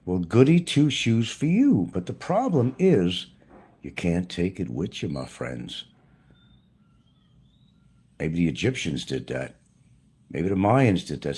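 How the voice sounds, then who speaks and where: Man, YouTuber rant, profane and preachy, very animated pitch, husky. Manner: blunt, profane, preachy ranting. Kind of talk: ranting monologue to camera.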